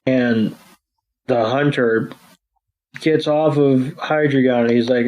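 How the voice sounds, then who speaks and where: A man hosting a podcast, casually recapping a cartoon episode with crude jokes and quick voices for the characters. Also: medium pitch, fairly even intonation, a little mellow, highs cut off. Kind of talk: casual chat.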